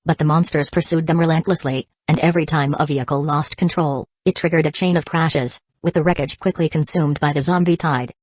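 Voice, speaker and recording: A woman reads an action novel aloud in a low, steady voice. The sound is dry and close, with no room around it. Her delivery stays even and measured. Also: no room sound. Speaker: audiobook narrator. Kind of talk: scripted audiobook narration.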